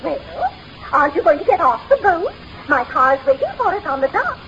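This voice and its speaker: An actress playing a fluttery, gushing high-society woman in an old radio comedy. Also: sing-song, moderate pace, a bit bright, heavily acted. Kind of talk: 1930s radio comedy acting. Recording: dull old radio recording with noise.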